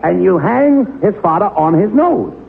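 A man playing the straight man in a 1940s radio comedy double act, with a brisk, exasperated, scolding delivery. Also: sits high, sing-song, vocal fry. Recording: tinny noisy old radio broadcast.

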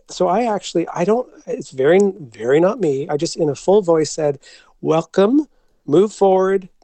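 A man, an interview guest, telling a personal story in a halting way, with many restarts and frequent laughter. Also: a little high, warm tone, dry recording.

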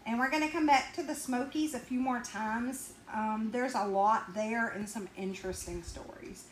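A podcast co-host with a Southern accent tells stories in a casual, animated way, laughing often. Her voice is fairly high at normal speed, and the recording has a roomy echo with faint ambient noise.

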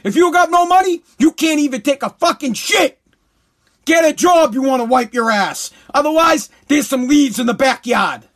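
A man's voice: very high voice, lively intonation, normal speed, a bit bright, exaggerated voice. A man doing a blunt, barking working-class father. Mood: gruff scolding. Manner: blunt, profane, barking orders. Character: gruff blunt old-school working father.

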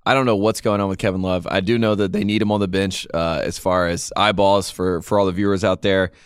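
A man's voice: deep voice, fairly even intonation, fairly quick, clean tone, no room sound, clean studio sound. A man co-hosting a casual sports podcast, ranting in exasperated complaints. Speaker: podcast co-host.

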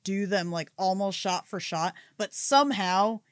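A woman's voice: mid-range voice, unhurried, dry recording, studio quality. A woman guesting on a movie podcast in casual chat, swearing a lot, laughing freely and saying "like" often.

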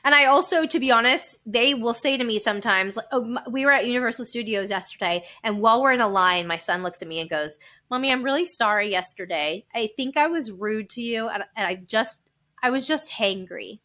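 Bright-voiced woman telling candid stories. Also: a little high, fairly quick. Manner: open and animated, laughs often. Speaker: podcast guest. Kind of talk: candid personal storytelling.

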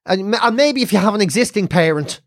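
A man's voice: high-pitched, expressive, fast, no room sound. Irish man, podcast co-host, casual chat, blunt ranting manner, dry close sound.

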